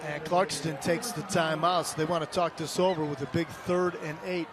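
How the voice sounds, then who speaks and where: A man calling a high school football game play by play, rising to excited calls on big plays. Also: normal speed, background noise. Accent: Michigan. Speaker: play-by-play announcer. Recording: broadcast booth over loud stadium crowd.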